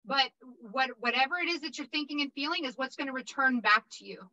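Casting: high-pitched, bright woman, upbeat casual instructor, lo-fi recording. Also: fast. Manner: upbeat, repetitive, checks in with 'okay?'. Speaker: insurance exam prep instructor. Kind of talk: casual motivational teaching.

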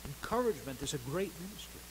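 A man preaching a sermon as pastor of a church, earnest, rising to stressed words and dropping softly between them. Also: on the high side, big pitch swings, fast talker, noisy background. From United States. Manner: earnest preaching with swells of emphasis and soft drops. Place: church sanctuary.

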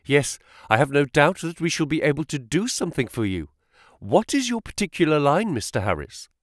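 A man voicing a terrified male office manager who speaks fast with strained politeness. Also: on the high side, big pitch swings, no echo, clean studio sound, pitched above the performer's own voice. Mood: nervous. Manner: hurried, nervous, strained politeness.

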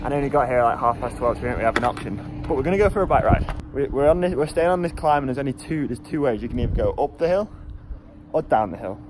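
A young man vlogs a cycling trip on a mountain road, talking fast and expressively to camera in a medium-pitched voice over a noisy background. He's chatty and jokey, teasing his friend and letting out loud whoops as he rides.

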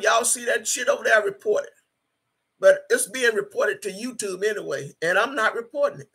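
A woman's voice: on the high side, sharp tone, husky. A woman in her sixties hosting a casual livestream from her home, reading viewer comments aloud in a blunt, profane and emphatic way and repeating herself. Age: 60s.

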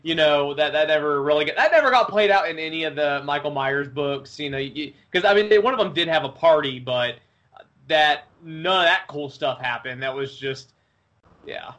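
A man's voice: a little high, moderate pace, a bit bright. A man hosting a podcast, chatting casually with lots of fillers and restarts. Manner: rambling, filler-heavy. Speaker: podcast host. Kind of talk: casual chat.

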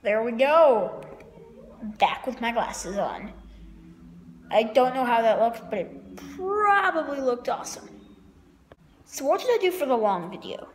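A woman's voice: a little high, very animated, unhurried, pauses often, a little hiss or hum. A woman vlogger rambling unscripted to the camera, jumpy, playful and self-mocking. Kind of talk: unscripted vlog chat.

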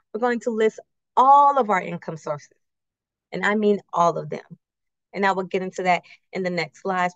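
A woman's voice: medium pitch, dry recording. A woman from a credit union presenting a casual workshop on budgeting with slides. She talks conversationally, uses everyday personal examples, and keeps checking in with "right?" and rhetorical questions. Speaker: credit union financial educator. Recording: slightly muffled, dry recording.

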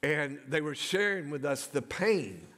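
A man's voice: a little high, very animated, measured pace, fairly bright tone. A middle-aged man, a pastor preaching a sermon, telling personal stories and calling out to the congregation. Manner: storytelling, calls "come on, somebody". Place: church sanctuary. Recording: long hall reverb.

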